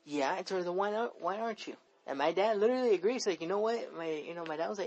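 This is a young man from talking at a rapid clip on a casual podcast. He rambles, circles back on his own words and swears freely as he vents. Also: sits high, animated, a little mellow, breathy edge, highs cut off. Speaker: podcast co-host. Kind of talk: casual chat.

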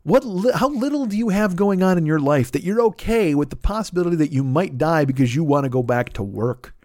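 A man's voice: on the high side, animated, a little fast, darkish tone, no room sound, studio quality. A man hosting a comedy podcast, ranting with sarcasm and heavy swearing and acting out other people in put-on voices. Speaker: podcast host. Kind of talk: profane comedic rant.

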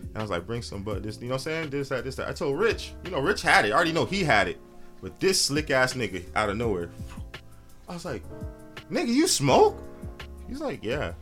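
An easygoing man hosts a casual chat, spinning loose stories full of slang. His pitch swings widely and leaps up high when he acts out his own reactions. Faint music plays in the background. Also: big pitch swings, fast talker, sharp tone.

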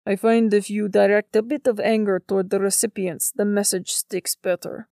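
Woman doing an unearthly male spirit, cool and matter-of-fact, gravelly edge, dry close sound, storybook reading. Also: medium pitch, steady tone, moderate pace, dark tone, dry recording, close to an everyday voice. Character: calm otherworldly male spirit.

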